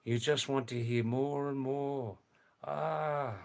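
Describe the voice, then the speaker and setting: An older man hosting a casual live stream from home, reading viewer comments in a slow, rambling way and repeating his words. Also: mid-range voice, fairly even intonation, vocal fry. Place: home in a small farming hamlet.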